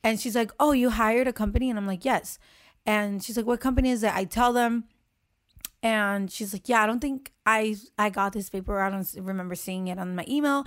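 A young woman in casual chat, telling a story with lively acted-out quotes and frequent swearing. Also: mid-range voice, fairly quick. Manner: animated storytelling, acts out quotes, swears freely.

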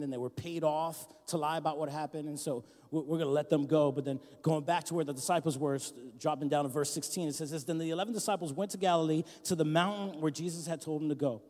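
A man preaching as pastor in a church hall, his high voice carrying a long reverb. He swings between loud, rousing shouts and soft, near-whispered asides. His delivery is lively and conversational. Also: fairly quick. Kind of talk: sermon.

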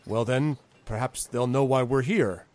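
A man voicing a mysterious, guarded half-elf stranger who speaks in a clipped, measured way. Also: mid-range voice, a little mellow, natural voice.

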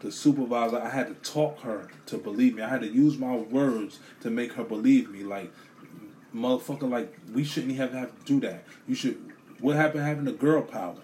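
Give me an animated man on a profane storytelling rant, middle-pitched, with a faint drip of water behind him. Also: a little fast, a little hiss or hum. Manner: animated, swears a lot, repeats himself.

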